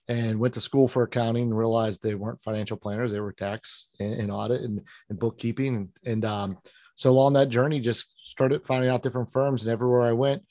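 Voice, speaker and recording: A man's voice: medium pitch, darkish tone, no echo. Pittsburgh guy, financial planner chatting as a guest, rambles and restarts a lot, dry close sound. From Pittsburgh, Western Pennsylvania. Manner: earnest, rambling, with many restarts and fillers. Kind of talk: interview conversation.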